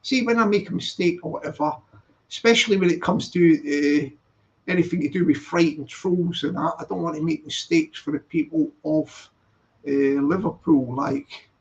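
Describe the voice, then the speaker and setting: A man's voice: fairly high pitch, normal speed. A man hosting his channel in casual live-stream chat, rambling, correcting himself and reading out the chat. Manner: rambling, self-correcting, stops to read the chat aloud. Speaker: channel host. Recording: dull lo-fi sound.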